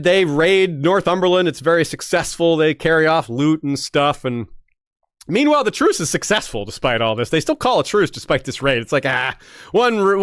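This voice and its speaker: A man hosts a history show in a loose, joking storytelling manner, often restarting his sentences. His voice sits a little high and swoops animatedly up and down. The recording is dry and close. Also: fairly bright tone, no room sound. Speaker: history podcast host.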